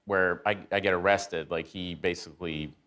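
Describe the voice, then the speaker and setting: A man in his forties, a talk show guest, telling animated stories and doing quick impressions of friends. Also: low voice. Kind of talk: casual chat.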